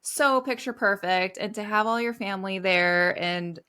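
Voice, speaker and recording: A woman's voice: medium pitch, moderate pace, bright, forceful tone, clean tone. A woman hosting a podcast interview, reacting with enthusiasm and asking questions. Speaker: podcast host.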